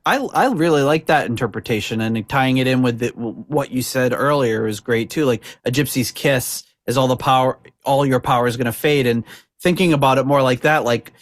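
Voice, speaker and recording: A man's voice: mid-range voice, a little fast, dry recording. Rambling man, dry close sound. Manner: rambling, hesitant, many fillers and restarts. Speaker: podcast co-host. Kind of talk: casual chat about song lyrics.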